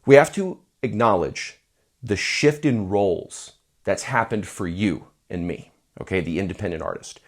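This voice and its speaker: A man's voice: on the low side, animated, normal speed. A man coaching musicians on their careers in casual advice talk to camera. He jokes and acts out quoted voices.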